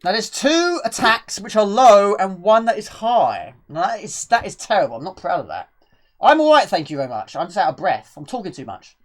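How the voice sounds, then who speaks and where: A woman's voice: medium pitch, very animated, brisk. A woman streaming retro games live, chatting with viewers and reading game text aloud.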